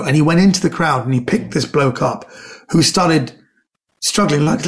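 A man telling comic anecdotes in a lively way, acting out the people he quotes. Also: a little high, moderate pace. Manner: lively storyteller who acts out quoted voices. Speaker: comedian guest.

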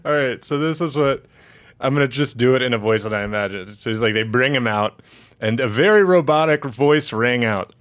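A man's voice: medium pitch, fairly quick, a bit bright. A man co-hosting a casual comedy podcast, laughing often and reading stories aloud. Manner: laughs often, reads news aloud with mock voices. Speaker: podcast co-host.

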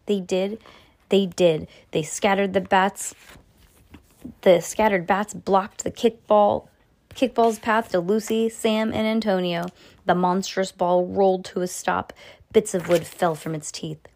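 A woman reading a children's adventure book aloud at home, with lively, expressive reading and occasional stumbles she corrects herself. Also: unhurried. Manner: expressive read-aloud with pitch jumps for dialogue; casual asides about the book. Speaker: reader.

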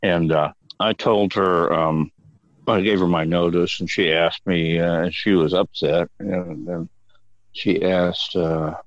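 An older male guest with a very low voice tells meandering, profane stories and laughs easily as he talks. The sound is dry, with no room around him. The recording is dull and lo-fi. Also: steady tone, slow pace, no room sound. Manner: rambling, profane, chuckling storyteller. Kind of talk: casual storytelling interview.

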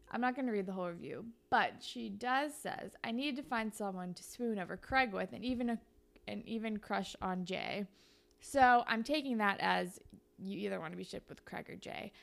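A woman's voice: mid-range voice, gravelly, fairly bright tone. A young woman co-hosting a podcast, chatting casually and making up a story on the spot, full of "like" and fillers. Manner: chatty, filler-heavy with lots of "like". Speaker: podcast co-host. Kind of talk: casual podcast chat, improvising fan fiction.

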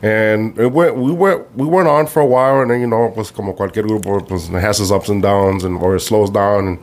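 A man's voice: lowish voice, a little fast, darkish tone. A man chatting easygoingly as a guest musician, slipping into Spanish now and then. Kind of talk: casual chat.

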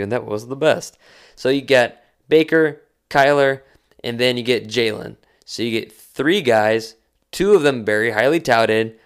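A man co-hosting a casual sports podcast, talking in a slangy, animated way and acting out quotes. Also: mid-range voice, moderate pace, clear, resonant tone. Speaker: podcast co-host.

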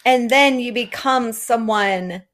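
A woman co-hosting a casual podcast chat, easygoing and quick to laugh. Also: fairly high pitch, a bit bright. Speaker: podcast co-host.

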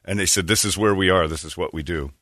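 A man's voice: deep voice, fast talker, sharp tone, dry recording, clean studio sound. A young man co-hosting a talk show, telling a story in a casual, sardonic, mocking way. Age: young adult. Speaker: radio show co-host. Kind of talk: casual comedic chat.

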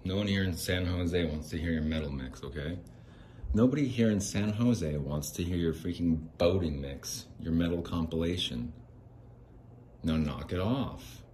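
A man's voice: sits low, moderate pace, darkish tone, slight background noise, lightly acted. A man voicing a scolding male police officer who lectures in an exasperated way.

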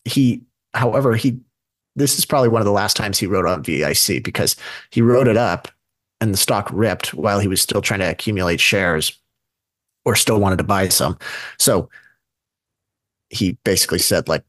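A man's voice: on the low side, expressive, moderate pace, no room sound. A man co-hosting a podcast, talking casually and working through stories with frequent fillers and asides. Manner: conversational, with many fillers and asides. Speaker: podcast co-host. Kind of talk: casual investing podcast chat.

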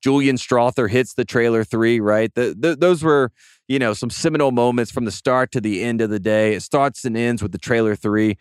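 Male podcast host, smooth voice, chatty and rambling, dry studio sound. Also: mid-range voice, normal speed, dry recording. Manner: rambling, enthusiastic, repeats words often. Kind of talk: casual sports podcast chat.

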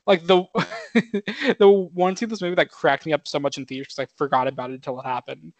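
A man's voice: on the high side, steady tone, brisk, no room sound. A man co-hosting a film podcast, talking casually with lots of fillers, swearing and laughing. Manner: rambling, filler-heavy, swears, laughs often. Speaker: podcast co-host.

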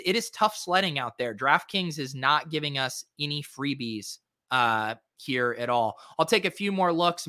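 A man's voice: mid-range voice, no echo, clean studio sound. A man hosting a fantasy sports podcast, talking casually through lineups with lots of ums and uhs as he thinks aloud. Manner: relaxed, filler-heavy, thinking aloud. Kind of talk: casual solo lineup review.

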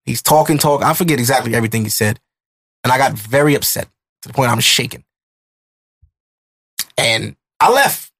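Guy in his 30s venting a family story on a podcast, gets worked up, mid-pitch voice. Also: normal speed, long pauses, slightly rough. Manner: emotional, animated retelling with acted-out quotes. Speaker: podcast host. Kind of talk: casual storytelling chat.

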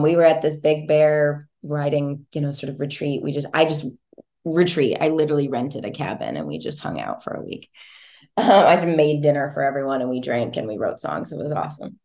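A woman with a notably low speaking voice, chatting as a singer-songwriter guest in an interview. She talks in an expressive, easygoing way and laughs often between thoughts. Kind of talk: casual interview chat.

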